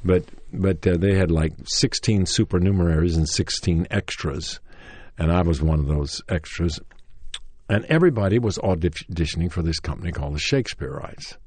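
Deep husky-voiced Tennessee man reminiscing. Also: normal speed, darkish tone, no room sound. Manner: rambling, many restarts and fillers, chuckling; acts out quotes in a raised, livelier voice. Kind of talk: anecdotal storytelling interview.

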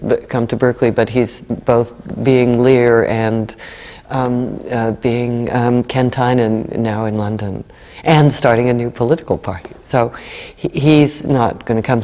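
A woman's voice: rumbling low, warm tone, in a large hall. A woman guest in an interview, speaking hesitantly with many fillers and restarts. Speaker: guest actor. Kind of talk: conversational interview.

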